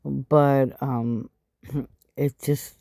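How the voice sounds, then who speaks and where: A woman hosting a casual craft tutorial, tired and a little stuffy, with a raspy, low voice as she explains each step. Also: steady tone, extremely slow, warm tone, no echo, studio quality. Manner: chatty, explaining step by step with frequent asides. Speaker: craft channel host.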